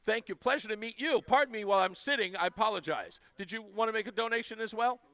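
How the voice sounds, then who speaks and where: A man's voice: high-pitched, fast, pushed and bright, no echo. A man hosting a live radio talk show, chatting casually and effusively thanking donors. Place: radio studio.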